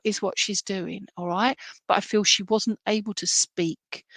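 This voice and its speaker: A British woman working as a medium, gently passing on a spirit message and often checking in with "all right?" and "okay?". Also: medium pitch, fairly even intonation, moderate pace, no room sound.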